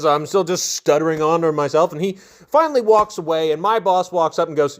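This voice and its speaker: A man's voice: high voice, animated, fairly quick. A young man casually telling a funny, self-deprecating story from his construction work days.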